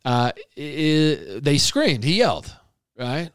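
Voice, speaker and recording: A man's voice: a little high, expressive, moderate pace, dry recording, studio quality. A middle-aged man hosting a parenting podcast, talking earnestly and casually with frequent restarts. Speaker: podcast host and parenting speaker.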